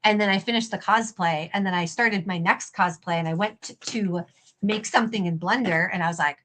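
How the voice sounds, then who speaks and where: Woman, craft stream host, clear bright tone, casual and self-mocking while working. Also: medium pitch, brisk. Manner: chatty, self-deprecating, talks while working. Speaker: livestream host and prop maker. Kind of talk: casual crafting livestream chat.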